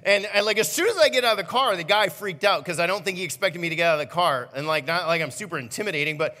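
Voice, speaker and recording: A man, a student pastor, giving a sermon with animated, self-mocking personal stories. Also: high voice, quick pace, big-room sound. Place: church auditorium.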